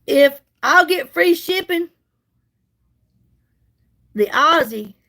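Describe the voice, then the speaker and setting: Over poor audio, a middle-aged woman speaks extremely slowly in a high-pitched, animated voice with a bright, forceful tone. She hosts a livestream selling products, doing her makeup as she chats casually and sassily with viewers, folksy and greeting each by name.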